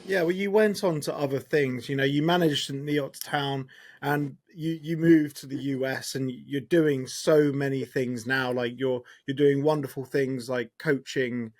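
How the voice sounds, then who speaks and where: A man's voice: mid-range voice, steady tone, unhurried. A man hosting a podcast, casually summing up his guest's career in an encouraging way. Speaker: podcast host. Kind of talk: casual interview.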